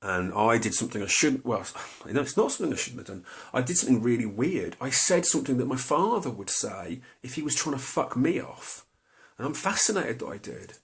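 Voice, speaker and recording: A man's voice: medium pitch, big pitch swings, fairly quick. A middle-aged man tells a personal story to camera, hesitant and confessional, full of fillers and restarts. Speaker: vlogger.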